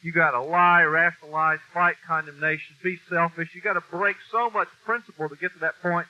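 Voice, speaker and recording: Speaking fairly fast in a fairly high, rather even-toned voice, a man preaches an informal sermon with folksy bluntness, some mild swearing, and strong emphasis. He uses a mic in a meeting room, captured on a dull, lo-fi recording.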